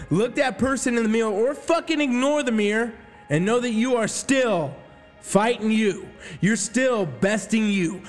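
Male motivational speaker, high-pitched and emphatic, swears hard, reverberant space with faint music under. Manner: profane, intense and emphatic. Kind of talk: motivational rant.

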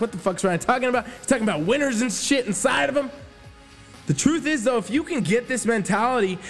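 High-pitched guy ranting motivation, cursing a lot, long echo, light music behind. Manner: profane, intense and emphatic. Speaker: fitness motivational speaker. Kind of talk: motivational rant.

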